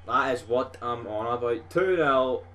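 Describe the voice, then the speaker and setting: A young man with a Scottish accent, talking through his football game at a mid pitch. He swears freely and gets worked up like a fan in the stands, playing host for his own gaming channel. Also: unhurried. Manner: sweary, rowdy, excitable fan. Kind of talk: live gameplay commentary.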